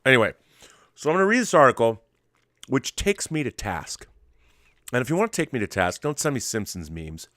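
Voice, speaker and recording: A man's voice: mid-range voice, big pitch swings, a little fast, long pauses, fairly bright tone, dry recording. A middle-aged man hosting a late-night casual monologue from his home studio, rambling and restarting his sentences. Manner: rambling, restarts often, drops to a murmur with his dog. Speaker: host.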